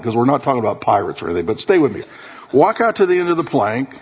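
A man preaching a sermon to a congregation in a church hall, his delivery animated, dropping to low murmurs and rising to high emphatic bursts. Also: breathy edge. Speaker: pastor.

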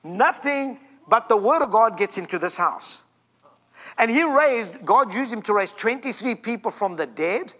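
A man's voice: sits high, expressive, unhurried, bright, forceful tone. A man from Africa, preaching a fervent Pentecostal sermon as a guest preacher and repeating lines for emphasis.

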